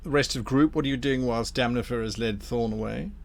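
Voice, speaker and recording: A man's voice: medium pitch, fast, gravelly. A man narrating as game master of a tabletop role-playing game, wry and playful.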